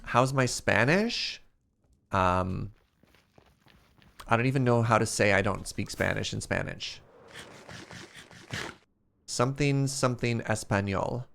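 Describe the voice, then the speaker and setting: A Canadian man from the prairies streams a game, chatting casually and playfully with viewers and often joking at his own expense. His fairly low, creaky voice is unhurried and fairly bright, with lively intonation and long pauses.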